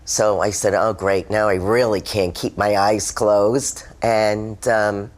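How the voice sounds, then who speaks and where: A woman's voice: very deep voice, level tone, takes it slowly, a little mellow. A woman, a former smoker, telling her own story in a candid, emotional testimonial. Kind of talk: personal testimonial.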